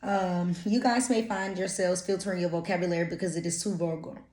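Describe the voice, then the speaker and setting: A woman's voice: fairly low pitch, fairly even intonation, a little fast, darkish tone. Blunt woman, roomy echo. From Louisiana. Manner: blunt, profane, streetwise slang. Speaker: intuitive reader. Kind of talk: casual channeled energy reading.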